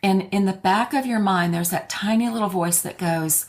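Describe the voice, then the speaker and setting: A woman's voice: mid-range voice, moderate pace. A woman co-hosting a podcast, talking casually and telling her stories in a heartfelt, reflective way. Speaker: podcast co-host.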